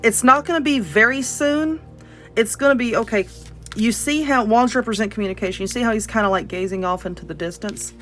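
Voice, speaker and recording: A woman's voice: fairly high pitch, brisk, fairly bright tone, soft background music. A woman giving a casual tarot and Lenormand card reading, blunt and chatty, often checking in with "okay?" and "you know". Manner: laughs and yawns between points.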